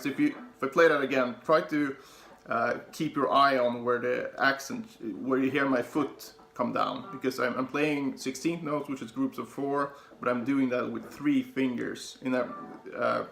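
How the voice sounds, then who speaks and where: A man teaching guitar in a casual, halting way, with many fillers and restarts, counting notes aloud as he plays. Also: medium pitch, gravelly. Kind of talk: casual instructional talk. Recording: echoey room with guitar playing.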